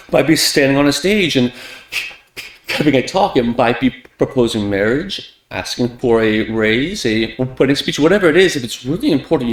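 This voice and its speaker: A man reciting a well-known talk on speaking as practice, stuttering on first sounds and shifting loudness and pitch to make his points. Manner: lively, with big shifts in loudness and pitch for emphasis. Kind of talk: recited public speech. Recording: echoey room.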